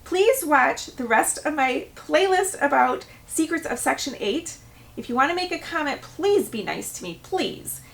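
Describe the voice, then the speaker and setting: A woman's voice: high voice, a little slow, vocal fry, recorded from a distance. A middle-aged woman, a property manager, telling a story in a vlog and acting out the people she quotes. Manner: animated storytelling, acts out quoted voices.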